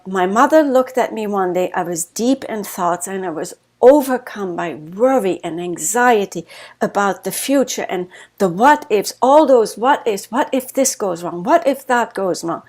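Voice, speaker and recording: A woman's voice: mid-range voice, animated, a little slow. A woman with a German accent, an author guest telling her life story in an interview, earnest and reflective.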